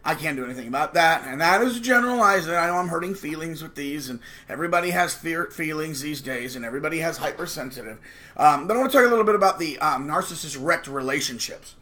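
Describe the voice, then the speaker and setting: Hosting his own channel, this man delivers a casual monologue straight to camera. He speaks fast in a voice on the high side with a sharp tone, and his manner is combative, preachy and emphatic.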